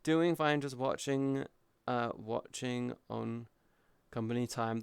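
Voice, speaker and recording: A man streams live and chats frankly with his viewers, swearing now and then as he answers them. His voice is smooth and resonant, sitting in an everyday middle register, and it sounds close and dry with no room around it. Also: mid-range voice, fairly even intonation, takes it slowly, no room sound. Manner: candid and open, swears freely, answers chat.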